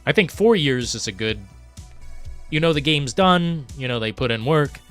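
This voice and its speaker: Guy ranting on his livestream, swears a lot, goes from mumbling to yelling, bright voice, faint music behind. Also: fairly high pitch, animated, normal speed. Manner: frustrated, profane, swings from muttering to shouting; reads chat messages aloud. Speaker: livestream host. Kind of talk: ranting live chat.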